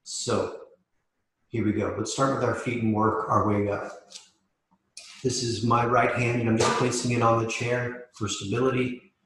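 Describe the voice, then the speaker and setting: A man leading a live mobility class as yoga instructor, calmly cueing each step while demonstrating. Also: mid-range voice, moderate pace, background noise. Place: yoga studio. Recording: echoey room.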